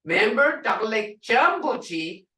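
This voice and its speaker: Older woman teacher, slow and patient, distant from the mic in a roomy space. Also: on the high side, big pitch swings, pushed and bright. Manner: patient, explains word by word with examples. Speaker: language teacher. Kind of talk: classroom language lesson.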